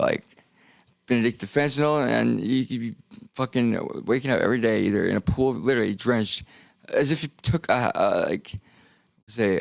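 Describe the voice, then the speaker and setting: Young guy rambling on his stream, low gravelly voice, dry close mic. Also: dry recording. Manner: rambling, jokey, trails off into mumbles. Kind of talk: rambling casual stream talk.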